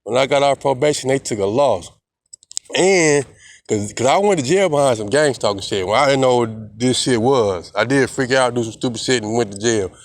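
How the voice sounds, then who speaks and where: A man's voice: mid-range voice, animated, moderate pace. A young man, rambling defiantly in a casual vlog monologue, repeating himself and swearing a lot. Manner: heavy slang and profanity. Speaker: vlogger.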